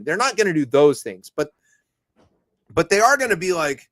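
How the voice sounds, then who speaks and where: Fairly quick and animated, this man's higher-pitched voice carries a rambling, jokey style as he co-hosts a comedic news podcast. He keeps restarting his sentences and slipping into put-on quotes.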